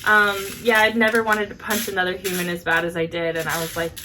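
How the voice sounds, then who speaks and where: Animated woman telling a story. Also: lowish voice, fast, crowd noise. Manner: animated storyteller, acts out quotes with laughs. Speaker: podcast co-host. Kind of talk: casual chat.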